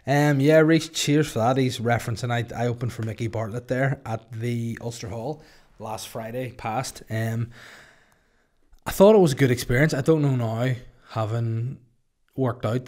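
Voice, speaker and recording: A young man with a Northern Irish accent, a comedian hosting a solo podcast and chatting casually with jokey, rambling deadpan asides. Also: mid-range voice. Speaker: podcast host and stand-up comedian.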